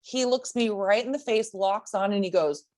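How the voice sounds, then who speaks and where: A woman co-hosting a podcast, telling a story in casual chat, animated and swearing, often breaking into laughs. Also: mid-range voice, moderate pace. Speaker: podcast co-host.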